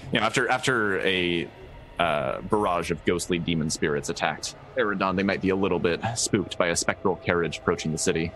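Deep-voiced man planning aloud. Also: fairly quick, fairly bright tone, slight background noise, poor audio. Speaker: player. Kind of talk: casual tabletop game talk.

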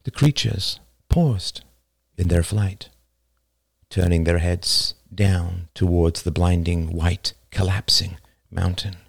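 A man narrating a novel as an audiobook, slow, deliberate and dramatic. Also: deep voice, creaky, slightly rough, dry recording, clean studio sound.

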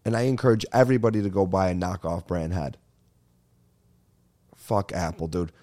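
A man's voice: low-pitched, moderate pace, warm tone. A young man hosting a podcast, ranting casually and animatedly, swearing and calling everyone dude. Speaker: podcast host. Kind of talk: casual comedic rant.

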